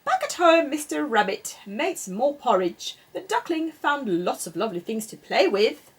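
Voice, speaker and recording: A woman reading a children's picture book aloud in an expressive, sing-song way. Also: high voice, normal speed, slight background noise. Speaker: storyteller.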